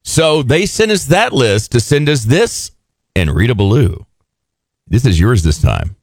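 A man's voice: medium pitch, very animated, unhurried, no echo, studio quality. A man co-hosting a radio show, chatting casually and joking with a sarcastic edge. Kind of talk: casual on-air chat.

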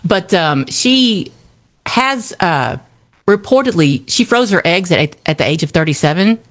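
A woman's voice: lowish voice, animated, a little slow. A woman co-hosting a radio morning show, telling celebrity gossip in a chatty, wry way and laughing easily. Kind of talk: casual showbiz gossip chat. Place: radio studio.

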